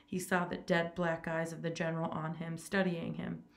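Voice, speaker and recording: A woman reading a short story aloud in a steady, plain manner, with small stumbles. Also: sits low, normal speed, vocal fry. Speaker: reader.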